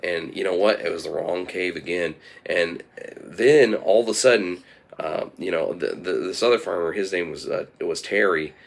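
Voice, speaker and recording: A gravelly, rambling male storyteller. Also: low-pitched, normal speed. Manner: meandering, full of fillers and restarts. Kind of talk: rambling improvised comic storytelling.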